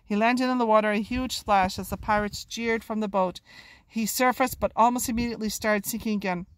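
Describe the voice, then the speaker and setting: A woman reading a children's book aloud with expressive, lively narration. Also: mid-range voice, a little fast, smooth, no echo. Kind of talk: storybook read-aloud.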